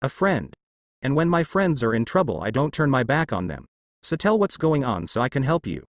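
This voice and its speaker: A man's voice: mid-range voice, big pitch swings, moderate pace, no echo, studio quality, lightly acted. A man reading a story aloud and voicing a brash, cocky teenage ninja who talks bluntly and teases. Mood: earnest.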